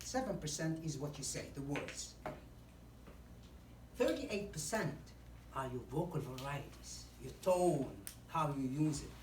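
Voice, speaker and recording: Woman, fairly low voice, public speaking coach, numbered tips, echoey hall, recorded from a distance. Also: a little mellow, slight background noise. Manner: instructive, numbered tips with acted examples. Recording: echoey hall from far off, faint ambience.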